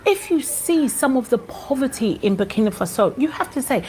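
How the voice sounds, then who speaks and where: A woman's voice: high voice, animated, brisk, a little mellow, a little hiss or hum. Indignant Ghanaian woman vlogger. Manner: passionate and indignant, with fillers and restarts. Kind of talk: impassioned commentary vlog.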